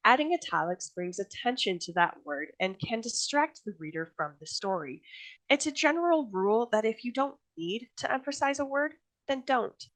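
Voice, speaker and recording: A woman's voice: fairly high pitch, lively intonation, normal speed, fairly bright tone, low-quality recording. A woman author giving a recorded workshop presentation on writing, in a chatty, friendly teaching tone that laughs easily.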